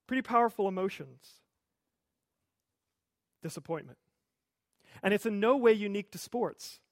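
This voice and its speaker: A pastor preaching a sermon in a conversational, lightly humorous storytelling manner. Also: male voice, sits high, lively intonation, normal speed, dry recording, studio quality.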